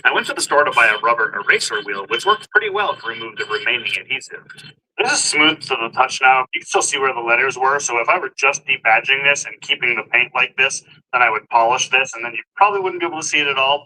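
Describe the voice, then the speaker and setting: A man's voice: medium pitch, lively intonation, quick pace, bright, forceful tone, rough recording. A man walking viewers through a do-it-yourself car job in casual, step-by-step how-to narration. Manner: step-by-step explaining, plain and upbeat. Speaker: DIY car vlogger.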